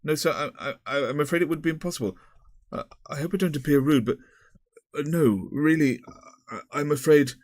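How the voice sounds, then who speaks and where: A man's voice: on the high side, wildly swooping pitch, normal speed, darkish tone, husky, dry recording, studio quality, pitched above the performer's own voice, full character voice. A man voicing a nervous, polite young male schoolmaster who stammers and hesitates, in a raised voice. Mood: flustered.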